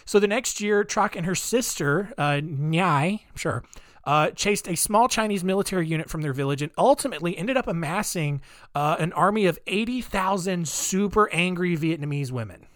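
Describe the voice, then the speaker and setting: A man's voice: high-pitched, lively intonation, normal speed, fairly bright tone, dry recording, clean studio sound. A male podcast host telling history stories in a joking, rambling way full of asides. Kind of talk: comedic history storytelling.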